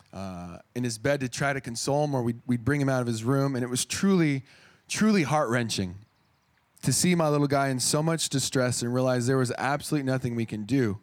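A man in his thirties preaching a sermon in an earnest, conversational way, often restarting his phrases. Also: medium pitch.

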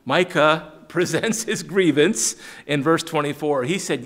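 A man leading a Bible study in a relaxed, conversational way, retelling verses in everyday words and calling on listeners by name. His fairly high voice swings widely in pitch, and he chuckles often as he explains. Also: unhurried. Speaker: Bible teacher.

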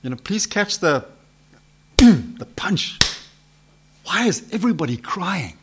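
A man preaching an expository sermon, posing rhetorical questions to his listeners and swinging from loud emphasis to hushed questions. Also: sits high, very animated, slow pace, background noise.

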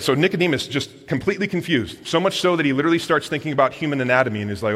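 A man's voice: on the high side, racing, few pauses, a bit bright. Preaching man in a reverberant hall. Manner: repeats phrases for emphasis, speaks directly to the congregation. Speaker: pastor. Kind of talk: sermon. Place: church hall.

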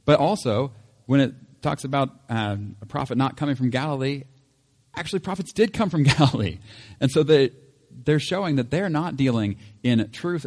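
A man reading scripture and then teaching in a relaxed, chatty way, laughing now and then. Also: mid-range voice, long reverb tail. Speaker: pastor.

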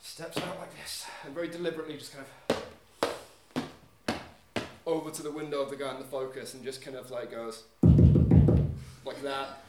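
A man's voice: mid-range voice, level tone, moderate pace, pauses often, loud music behind the voice. A man telling a story to a live audience, acting out the scenes with sound effects. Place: live event venue. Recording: echoey venue with background noise.

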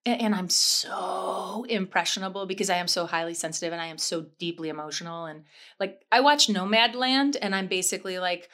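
A woman improv comedian talking candidly as an interview guest, effusive and self-deprecating, with quick swings in energy. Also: on the low side, fairly even intonation, fairly bright tone.

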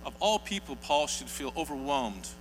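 A man's voice: medium pitch, sing-song, moderate pace, faint music behind. A man preaching a sermon, telling stories earnestly and building to emphatic peaks. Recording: hall reverb with faint mains hum.

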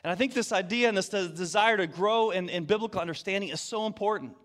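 A male pastor preaching to his congregation, playful and energetic as he runs a quiz with volunteers. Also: high voice, fast talker. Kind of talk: sermon with audience game.

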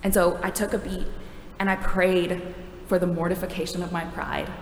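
A woman with a slightly low voice gives a sermon in an easy, conversational way, wry and ready to laugh at herself. Her voice echoes through a large, reverberant hall, with faint room noise behind it. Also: flat delivery, moderate pace. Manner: conversational, wry, self-deprecating. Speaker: preacher.

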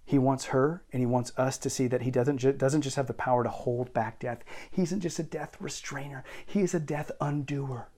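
A man's voice: mid-range voice, moderate pace, hardly any pauses. Emphatic male pastor preaching. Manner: emphatic, moving between intense and quiet. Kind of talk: sermon.

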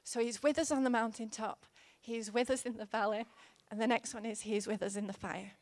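A woman in her thirties delivers a sermon, earnest and gently conversational. Her voice sits a little high and is caught close with no room sound. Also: fairly even intonation, a little fast, no room sound. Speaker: preacher.

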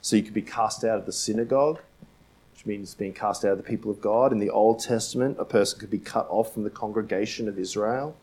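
A man preaching a sermon in a conversational way, tossing in "right?" and "like" asides and repeating key phrases for emphasis, sometimes dropping to a hush. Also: fairly low pitch, fairly quick. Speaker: pastor.

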